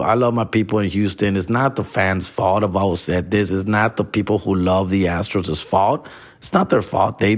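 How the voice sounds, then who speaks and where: Los comedian, lower voice, heated slangy rant with Spanish mixed in. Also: male voice. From Los Angeles. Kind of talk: profane casual rant.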